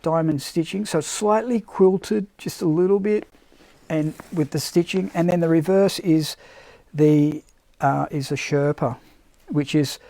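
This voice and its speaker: Gravelly man showing products live. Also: a little high, mellow, no room sound. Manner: unscripted, searching for words as he shows items. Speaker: product presenter. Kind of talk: casual live-stream product showcase.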